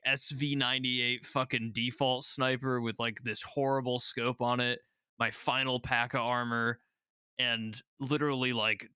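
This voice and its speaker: Bright, crisp-voiced man telling gaming stories. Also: medium pitch, no echo, studio quality. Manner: animated storyteller, laughs through his stories. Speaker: podcast co-host. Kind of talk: casual gaming podcast chat.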